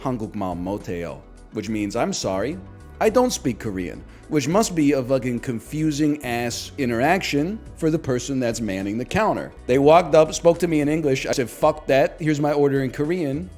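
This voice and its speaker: A man's voice: mid-range voice, lively intonation, normal speed, a little mellow, soft background music. A man in his thirties telling a rambling, profane, self-deprecating story in casual stream chat. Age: 30s.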